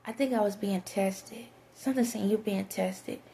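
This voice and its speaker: This is a woman telling a winding story to her audience. Her voice is mellow and dark with a gravelly edge. She drifts between her own account and quoted dialogue in a loose, conversational way. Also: medium pitch, moderate pace, slight background noise. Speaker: vlogger. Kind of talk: rambling storytime monologue.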